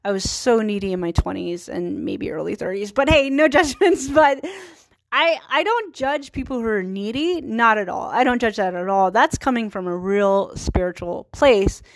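A woman's voice: medium pitch, expressive, moderate pace, no echo. A woman in her thirties hosting a solo podcast, talking in a chatty, earnest way and laughing at herself. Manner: chatty, giggly, self-deprecating, earnest. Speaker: podcast host. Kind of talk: casual solo podcast monologue.

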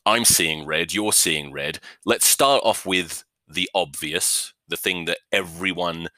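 A low-pitched man hosts a rugby podcast in a rambling comic rant. His voice is bright and forceful, recorded dry and close on a podcast mic. He swears freely, mocks himself and keeps restarting his sentences. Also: slow, no echo. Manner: profane, joking, self-mocking, many restarts. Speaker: podcast host. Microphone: new podcast microphone.

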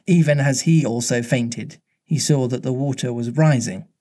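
A man reading a children's storybook aloud in a measured way, slowing down at tense moments. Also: medium pitch, warm tone.

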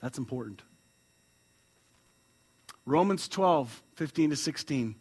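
A man preaching a sermon as a pastor, reading a story aloud, chuckling and swinging between loud and hushed lines. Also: mid-range voice, lively intonation, takes it slowly, slightly rough.

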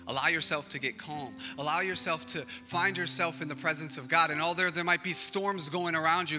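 A male pastor preaching a sermon, swinging from loud, rising passages to hushed near-whispers. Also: on the high side. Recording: reverberant hall with music behind.

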